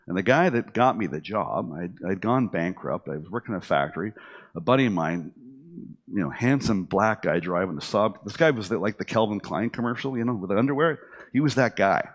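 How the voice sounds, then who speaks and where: A man's voice: lowish voice, fairly quick, dull audio. A middle-aged man telling his own story casually, with lots of fillers and restarts, acting out what others said to him. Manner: animated, acts out quoted dialogue with many fillers and restarts.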